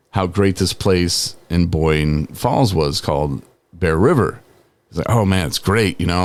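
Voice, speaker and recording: A man in his forties hosting a podcast, telling a personal story in a casual, conversational way with frequent laughs and filler words. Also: sits low. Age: 40s. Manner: casual, conversational, peppered with "man" and "you know"; laughs while telling stories. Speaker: podcast host.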